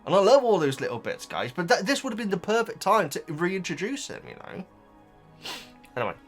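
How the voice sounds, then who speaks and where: A man's voice: sits high, very animated, brisk, faint music behind. A man rambling casually to his viewers about a book, with lots of restarts and asides. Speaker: vlogger reacting to a book.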